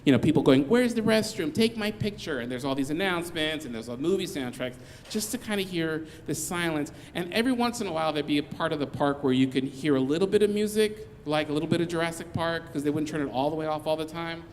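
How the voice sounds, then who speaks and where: A man's voice: on the high side, quick pace, hardly any pauses. A man with a slightly raised voice tells a comic story on a live stage, circling back and restarting his sentences as he goes. His voice carries a long reverb from the room. A faint hiss sits underneath. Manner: rambling, with many restarts and asides.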